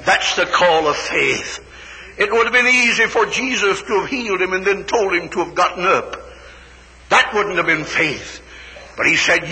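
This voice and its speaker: Fervent preacher man, ringing hall. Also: sits high. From West Virginia, USA. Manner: fervent old-time preaching, rising to shouted climaxes. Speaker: evangelist preacher. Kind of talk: revival sermon. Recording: reverberant hall recording.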